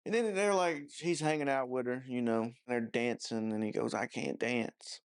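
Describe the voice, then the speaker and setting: A man's voice: medium pitch, normal speed, smooth. Profane, mocking man ranting about a movie. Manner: profane, mocking, rambling with many fillers. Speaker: movie reviewer. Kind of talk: casual movie review rant.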